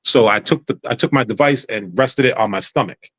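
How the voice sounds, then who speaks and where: A man appears as a podcast guest, casually telling a personal story and animatedly acting out what other people said. His mid-range voice is brisk with a breathy edge, and the audio has no echo.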